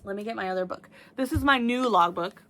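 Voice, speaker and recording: A woman's voice: mid-range voice, a little fast, a bit bright, slight background noise. A young woman chatting casually to camera about her crafting goals, rambling with restarts and fillers. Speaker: diamond painting vlogger.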